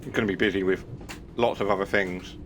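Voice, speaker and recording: A chatty man talking loosely through a live stream, wandering from topic to topic with a self-deprecating edge. His voice sits somewhat low. A faint background hum runs under his talk. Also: fairly even intonation, fast. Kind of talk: casual live-stream chat.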